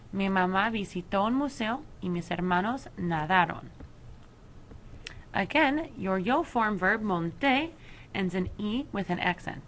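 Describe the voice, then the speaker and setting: A woman teacher explaining a Spanish grammar lesson to her students, slowing down to spell out each verb form. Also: medium pitch, a bit bright, a little hiss or hum. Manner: slow, careful explanation with deliberate pauses over verb forms. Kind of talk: recorded flipped-classroom lesson.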